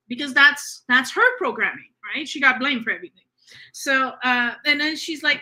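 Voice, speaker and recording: A woman's voice: sits high, lively intonation, a little slow, pushed and bright. A woman hosting a spiritual podcast, talking in an earnest, reassuring way with frequent fillers. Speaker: podcast host. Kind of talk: casual spiritual conversation.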